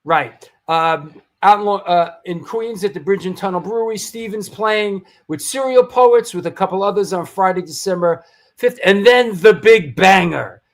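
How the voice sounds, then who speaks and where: Man, high-pitched, host, rambling, jokey, stumbling. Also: moderate pace. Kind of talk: live show announcements.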